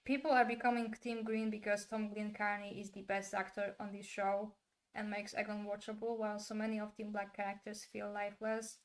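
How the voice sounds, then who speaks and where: A woman talks to her stream chat in a loose, casual way, and her voice sits at a middling pitch. She is opinionated and blunt and drops in the occasional swear word. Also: level tone, fairly quick. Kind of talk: casual livestream commentary.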